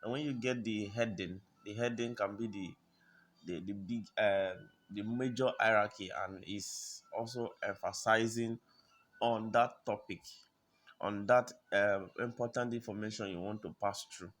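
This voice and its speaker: A man with a lowish voice walks through design principles in a tutorial. He talks haltingly, restarting phrases and clearing his throat, and keeps asking whether you understand. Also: steady tone, fairly bright tone. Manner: halting, repeats words, clears throat often. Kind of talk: screen-recorded tutorial explanation.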